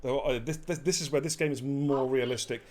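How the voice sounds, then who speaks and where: A man's voice: medium pitch, brisk, slight background noise. A man hosting a live esports racing stream, joking, swearing and bantering while commentating. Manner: jokey, swears freely, energetic.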